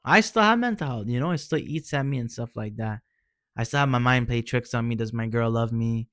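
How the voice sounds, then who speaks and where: A man's voice: mid-range voice, fairly quick, a bit bright, no echo, clean studio sound. A man talking casually and earnestly, giving heartfelt advice in informal slang and often calling the listener man or bro. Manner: earnest, encouraging. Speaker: vlogger sharing personal experience.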